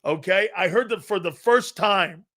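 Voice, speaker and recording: A man's voice: high voice, measured pace, sharp tone. A middle-aged man hosting a live sports talk show, brash and profane, rambling through chat comments and laughing often.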